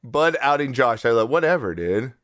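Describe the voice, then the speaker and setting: A man's voice: mid-range voice, very animated, moderate pace, fairly bright tone, dry recording, studio quality. A man hosting a casual comedy show, joking, laughing often and teasing his co-host. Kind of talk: casual comedic commentary on clips.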